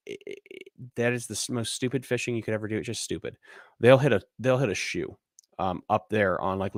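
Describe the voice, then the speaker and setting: A man's voice: on the low side, a bit bright, dry recording. Guy hosting a fishing podcast, blunt and ranty, swears a lot, dry close mic. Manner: blunt, profane, ranting. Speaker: podcast host. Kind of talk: casual live-stream rant and Q&A.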